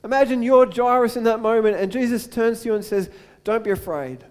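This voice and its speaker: With a very high voice and clean tone, a young adult man preaches as a pastor. The sermon is earnest, swinging from loud, urgent build-ups to soft, slow appeals.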